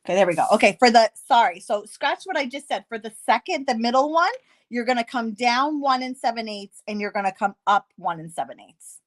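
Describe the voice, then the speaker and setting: A woman's voice: on the high side, expressive, fairly quick. A woman hosting a card-making tutorial, chatting casually and correcting herself as she works through measurements. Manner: chatty, self-correcting, thinking aloud.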